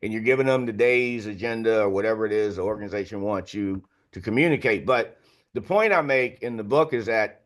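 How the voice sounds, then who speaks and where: A man in his sixties with a low-leaning voice speaks briskly as a podcast's guest author. He recounts candid anecdotes in a loose, conversational way packed with fillers.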